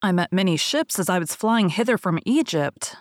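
A woman's voice: mid-range voice, expressive, moderate pace, no echo, studio quality, natural voice. A woman doing a musing old stork.

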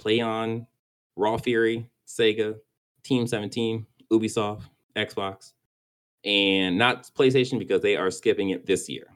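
A man with a low voice co-hosts a laid-back gaming podcast. He rambles, trips over his words and restarts his sentences, chuckling as he goes. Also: steady tone, measured pace, fairly bright tone. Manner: rambling, stumbles and restarts, laughs easily. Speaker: podcast co-host. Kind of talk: casual gaming podcast chat.

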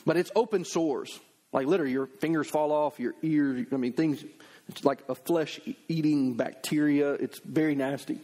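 Pastor guy preaching, chatty and lively, voice sits a bit high, plays out little asides. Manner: conversational, animated preaching with acted asides. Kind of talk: sermon.

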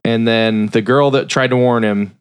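A man's voice: medium pitch, fairly even intonation, normal speed, clean tone. A man hosting a podcast, casually retelling a film's plot and briefly doing voices for the characters. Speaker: podcast host. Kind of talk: casual film recap.

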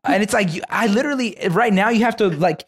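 A young man with a slightly high voice chats casually and easily. He hesitates and repeats his words as he feels his way through his thoughts. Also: fast, slightly rough. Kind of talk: casual chat.

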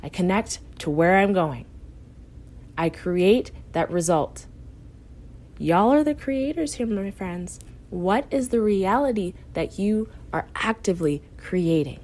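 A woman's voice: medium pitch, animated, slow, darkish tone. A woman hosting her own podcast as a life coach, talking directly and encouragingly to listeners with a tough-love edge and frequent laughs. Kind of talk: motivational podcast talk.

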